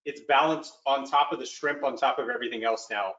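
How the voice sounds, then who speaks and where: A man's voice: medium pitch, a little fast, pushed and bright. A man chatting casually while cooking, rambling with many fillers and restarts. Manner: rambling, lots of likes and restarts. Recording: dull lo-fi call audio.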